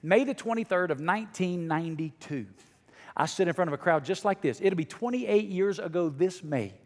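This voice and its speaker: A middle-aged male pastor preaching a sermon to his congregation, dropping to a hush and then rising almost to a shout. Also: sits high, lively intonation, moderate pace, long reverb tail. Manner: swings from hushed to near shouting. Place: church sanctuary.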